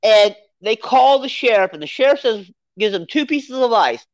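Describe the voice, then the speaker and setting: A podcast co-host in a casual movie review chat, rambling and animated as they recount the plot. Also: medium pitch, normal speed, no echo. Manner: rambling, animated, acts out character quotes.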